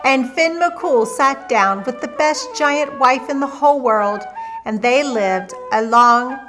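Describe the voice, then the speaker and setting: A woman storyteller narrating a folktale for children in a lively, expressive reading. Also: high-pitched, slow, over music.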